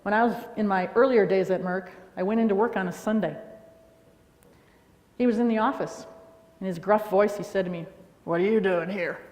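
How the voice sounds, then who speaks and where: Animated woman speaker in an echoey hall. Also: medium pitch, fairly quick, long pauses. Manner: animated storytelling with frequent "all right?". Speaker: conference speaker. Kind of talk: lively anecdotal talk. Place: large lecture hall.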